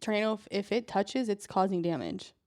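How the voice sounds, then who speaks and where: A woman's voice: mid-range voice, lively intonation, fairly quick, darkish tone. A Californian woman co-hosting a podcast, telling stories in a chatty way with lots of fillers. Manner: storytelling, chatty, many "like" fillers. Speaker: podcast co-host. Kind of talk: casual chat.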